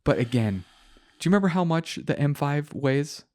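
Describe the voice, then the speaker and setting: A man's voice: fairly high pitch, very animated, normal speed, a little mellow. A man hosting a casual car podcast, joking and slipping into mock voices. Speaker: podcast host. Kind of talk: casual chat.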